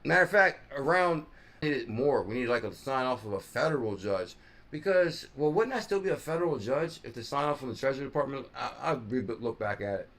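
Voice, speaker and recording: A man's voice: mid-range voice, animated, brisk, a bit bright. A man hosting a crypto live stream in casual commentary, rambling, thinking aloud and correcting himself as he scrolls.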